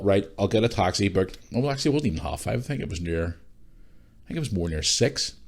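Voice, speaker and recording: Swearing Northern Irish podcast host. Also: male voice, lowish voice, a little mellow. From Northern Ireland. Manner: rambling, swears a lot, frequent restarts. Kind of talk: casual storytelling monologue.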